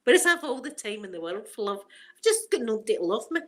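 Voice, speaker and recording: A woman's voice: on the high side, very animated, fast, fairly bright tone. A middle-aged Scottish woman chatting on a casual livestream, laughing often and greeting viewers by name. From Scotland. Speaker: ASMR livestream host. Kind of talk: casual live chat.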